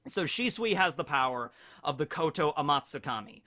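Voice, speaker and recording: A man hosting a casual anime discussion, excitable and rambling with many fillers. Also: fairly high pitch, moderate pace. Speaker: anime channel host.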